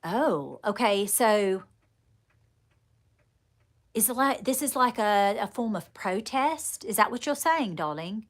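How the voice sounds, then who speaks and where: A woman leading a live channelling stream, speaking in halting, repeated phrases and calling her viewers darling. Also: medium pitch, expressive. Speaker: psychic medium.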